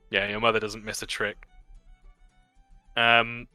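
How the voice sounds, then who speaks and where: A man narrating a tabletop game as game master, in a relaxed, chatty way with many fillers. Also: mid-range voice, dry recording.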